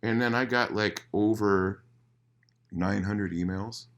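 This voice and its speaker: Male musician guest, lowish voice, profane and animated storyteller, casual living-room interview. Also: slow pace.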